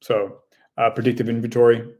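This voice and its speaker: A man's voice: mid-range voice, little pitch movement, muffled recording. Rambling man chatting to camera. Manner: rambling, filler-heavy, acts out quick quoted voices. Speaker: small business owner and tennis coach. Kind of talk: casual talk to camera.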